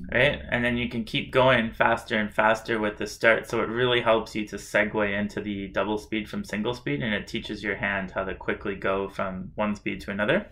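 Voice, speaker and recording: Man teaching drum syllables over loud drumming. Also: fairly low pitch, steady tone, brisk, few pauses, loud music behind the voice. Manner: breaks into loud rhythmic chanting of syllables. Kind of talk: instructional demo, chanting drum syllables.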